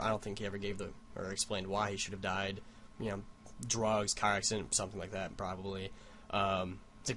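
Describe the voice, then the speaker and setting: A man's voice: fairly low pitch, steady tone, a little fast, fairly bright tone, a little hiss or hum. A young man vlogging at home, telling a rambling, profane story into his computer mic. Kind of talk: casual rant.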